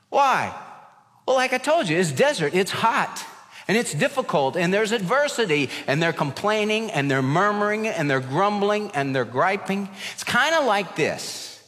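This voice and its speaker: A male pastor preaching a lively sermon, acting out complaining voices as he tells stories. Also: sits high. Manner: animated storyteller, acts out voices of complaining children and people. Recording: long hall reverb.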